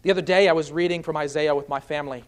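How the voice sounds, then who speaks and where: A man's voice: a little high, steady tone, rapid-fire. A man preaching an expository sermon, earnestly explaining scripture point by point. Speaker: pastor.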